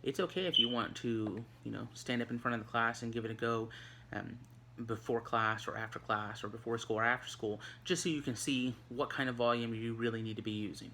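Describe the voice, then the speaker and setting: A man's voice: medium pitch, steady tone, fairly quick, sharp tone, slight background noise. A man teaching a recorded online lesson, talking in a loose, conversational way with lots of fillers and restarts. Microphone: recorded for an online video.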